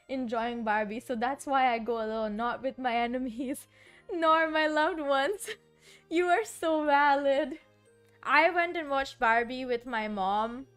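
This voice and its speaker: A young woman streamer chatting casually and rambling, often giggling and saying "like". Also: a little high. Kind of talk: casual chat while composing music. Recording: faint background music. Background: soft background music.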